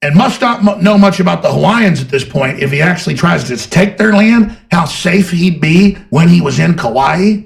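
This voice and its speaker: A man's voice: a little high, expressive, moderate pace, gravelly, few pauses. A man delivering a heated, sarcastic political rant, mocking his opponents. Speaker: political commentator. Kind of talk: ranting political monologue.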